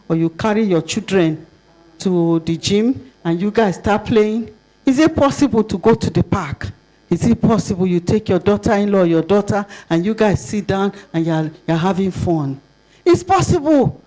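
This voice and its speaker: An older woman with a Nigerian accent giving a conference talk, lively and asking the audience rhetorical questions. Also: mid-range voice. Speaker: conference speaker.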